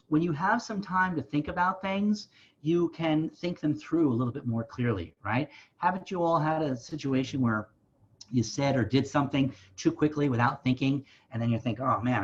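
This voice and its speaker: A man's voice: medium pitch, husky, lo-fi sound. A man giving a virtual history lesson at a library site, talking conversationally and often checking in with his listeners. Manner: conversational, often asks "right?". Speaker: museum educator. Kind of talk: virtual site visit talk.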